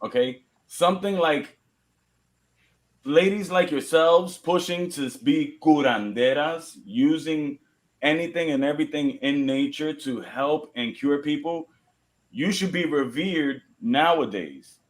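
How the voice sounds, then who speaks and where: Guy hosting, blunt, swears casually, slightly high voice. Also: unhurried. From Puerto Rico. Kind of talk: casual chat.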